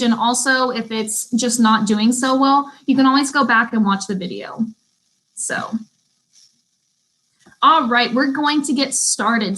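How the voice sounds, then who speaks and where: Brief: young woman, beauty school instructor on a live stream, friendly and chatty, a bit high-pitched. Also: a bit bright, low-quality recording. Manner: chatty, reads out viewer comments. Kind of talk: casual live-stream class.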